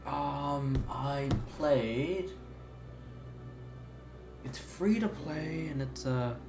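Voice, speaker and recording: A young man livestreaming a game rambles casually at an extremely slow pace, his fairly high voice full of fillers and restarts. The audio carries room echo and faint music underneath.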